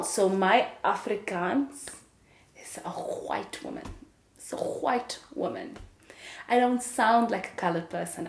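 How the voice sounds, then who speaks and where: Slow-talking South African woman, candid. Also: medium pitch, roomy sound, slight background noise. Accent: South African English. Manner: candid, reflective, with frequent laughs and fillers. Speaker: podcast host, actress. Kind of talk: casual monologue.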